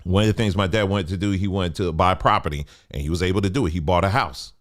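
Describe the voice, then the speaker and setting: A man's voice: deep voice, quick pace. A man teaching in a loose, colloquial preaching style, repeating points for emphasis. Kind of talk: informal preaching.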